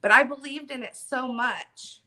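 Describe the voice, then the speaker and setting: A woman's voice: high-pitched, a little slow, a crowd in the background. A middle-aged woman telling her story animatedly as an interview guest, with lots of ums and emphasis.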